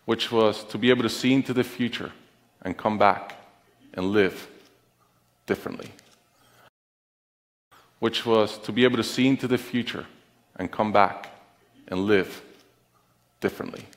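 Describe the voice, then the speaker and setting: A middle-aged man telling a personal story on stage, with an earnest, deliberate, heartfelt delivery and pauses. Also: fairly low pitch, steady tone. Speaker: conference speaker. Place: stage in a large auditorium. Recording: long reverb of a large auditorium.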